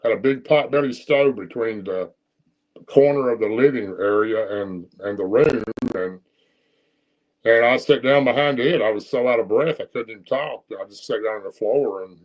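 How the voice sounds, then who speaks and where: A man's voice: on the low side, moderate pace. Folksy Southern man, lo-fi sound. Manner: plain-spoken, rambling, folksy country phrasing. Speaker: guest storyteller. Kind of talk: telling a personal encounter story.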